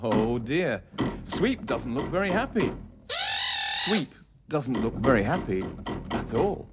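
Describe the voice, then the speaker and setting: A man narrating a children's story in a gentle storytelling manner. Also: medium pitch, big pitch swings, slow, heavy background noise.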